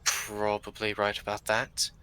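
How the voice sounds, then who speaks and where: A man narrating a tabletop game in a relaxed, hesitant way. His voice is lowish and bright. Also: a little slow, clear, resonant tone, poor audio.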